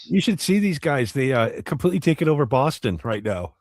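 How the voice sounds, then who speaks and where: A man's voice: medium pitch, big pitch swings, a little fast, no room sound, clean studio sound. A man co-hosting a casual podcast, joking and chuckling in loose fragments. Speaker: podcast co-host. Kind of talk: casual chat.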